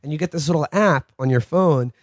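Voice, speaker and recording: A man's voice: a little high, a little fast, dry recording, studio quality. A man co-hosting a podcast, telling canvassing stories in casual, profane talk with frequent restarts. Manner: profane, rambling with repeated restarts. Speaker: podcast co-host. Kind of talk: casual chat, storytelling anecdotes.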